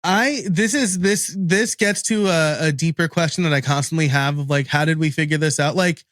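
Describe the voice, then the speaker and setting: A man with a New York accent talks in a fairly high voice as he co-hosts a casual tech news show. He sounds chatty and laughs easily while musing on odd questions. The recording is close and dry. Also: normal speed, fairly bright tone, no room sound. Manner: chatty, laughs often, wondering aloud. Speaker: podcast co-host.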